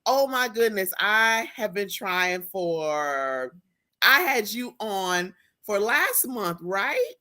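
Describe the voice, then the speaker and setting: A woman hosting a live-stream talk show, effusive and excitable, with a churchy way of talking. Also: mid-range voice, takes it slowly. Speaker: host.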